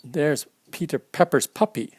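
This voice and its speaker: A man's voice: a little high, measured pace, darkish tone, breathy edge, no room sound. A man reading a children's alphabet picture book aloud at storytime, stopping to explain the pictures to young listeners. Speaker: storytime reader.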